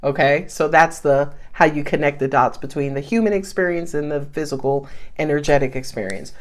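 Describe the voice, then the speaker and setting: A woman giving a casual, animated tarot reading, laughing often and swearing freely as she talks. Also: low-pitched, fairly quick. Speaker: tarot reader.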